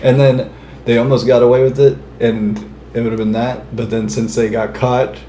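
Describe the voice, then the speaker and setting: A man's voice: mid-range voice, little pitch movement, normal speed, dark tone, slight background noise. A young man co-hosting a podcast in casual chat, talking hesitantly and searching for words with many fillers. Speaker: podcast co-host. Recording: roomy echo.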